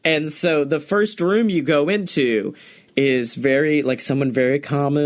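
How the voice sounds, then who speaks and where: A young man co-hosting a podcast, chatting casually, excited and swearing often, laughing as he talks. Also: a little high, a little slow. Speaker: podcast co-host. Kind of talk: casual chat.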